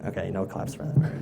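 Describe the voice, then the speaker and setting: A man's voice: low-pitched, gravelly, very noisy. A young man in his late teens doing live stand-up comedy on a stage mic, rambling and hesitant, often amused at himself.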